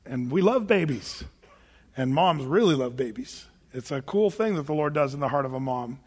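A man's voice: medium pitch, expressive, normal speed, darkish tone, husky, long reverb tail. A middle-aged male pastor preaching a sermon in a church, reading scripture aloud and talking to his congregation in a conversational, joking way. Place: church sanctuary.

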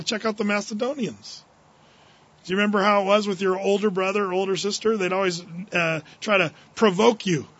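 A man's voice: sits high, fairly bright tone, muffled recording. A male pastor giving a humorous, anecdotal sermon at a Wednesday evening church service, chuckling often.

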